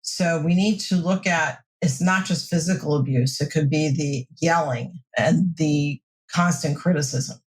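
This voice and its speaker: A woman mental health counselor giving steady, reassuring advice in a podcast interview. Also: low voice, unhurried, hardly any pauses.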